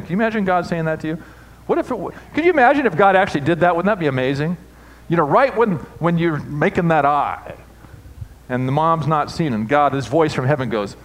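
A man preaching as a pastor, moving from quiet reflection to emphatic, rising passages with playful asides. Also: fairly high pitch, lively intonation, fairly quick, rough recording. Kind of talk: sermon. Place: church sanctuary.

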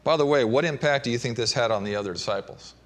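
A man preaching a sermon, shifting between emphatic and hushed delivery. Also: mid-range voice, quick pace. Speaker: pastor.

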